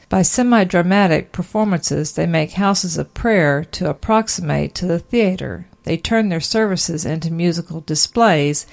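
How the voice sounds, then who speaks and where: Low, gravelly woman reading a sermon. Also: a little mellow. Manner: earnest, emphatic preaching cadence with rhetorical questions. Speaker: sermon reader.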